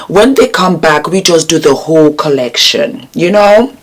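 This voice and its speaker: A woman's voice: sits low, animated, unhurried. Sassy woman giving gossip commentary. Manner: emphatic, sassy asides to the viewer. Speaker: celebrity gossip vlogger. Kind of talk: reading news aloud with opinionated commentary.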